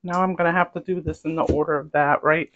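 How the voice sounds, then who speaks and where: A chatty woman with a light Southern lilt talks through her home cooking in a rambling, easygoing way, savoring each bite aloud. Her voice sits a little low for a woman. The sound is a dull, lo-fi home recording. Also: fairly even intonation, fast, a bit bright. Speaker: cooking vlogger. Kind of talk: casual cooking chat.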